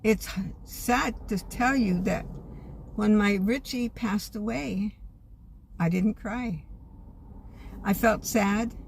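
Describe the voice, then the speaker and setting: An older woman talking to camera in a homespun, earnest way, gently sharing her faith. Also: mid-range voice, slight background noise. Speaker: vlogger. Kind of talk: casual reflective monologue.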